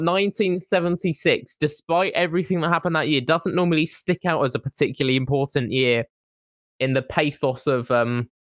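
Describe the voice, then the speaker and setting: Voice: mid-range voice, no room sound. Co-host, comic banter, mocking and giggly, dry sound. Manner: teasing, mocking, laughs often. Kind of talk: casual comedic chat.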